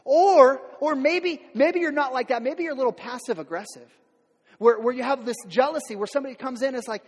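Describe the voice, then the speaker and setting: In a hall with long reverb, a man preaches as pastor in a very high-pitched voice at a brisk pace. His delivery is candid and conversational, packed with fillers and restarts, and he performs the voices of everyday people he quotes.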